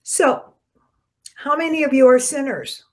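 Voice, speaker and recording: A woman minister giving a short spiritual talk in a conversational preaching manner, with soft dropped endings and sudden bursts of emphasis. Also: sits high, unhurried.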